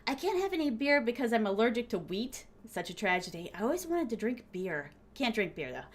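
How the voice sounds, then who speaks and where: A young adult woman talks casually to her chat while she plays a game, with a slightly high voice. She is bubbly and giggly, fills her talk with little fillers, and breaks into squeals now and then. She calls her viewers fond pet names. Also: sing-song, a little fast. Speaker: streamer.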